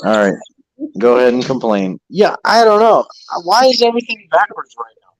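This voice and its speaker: A man co-hosting a livestream in casual chat, flustered and swearing, with halting restarts. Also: on the high side, sing-song, no room sound, poor audio. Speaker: livestream co-host.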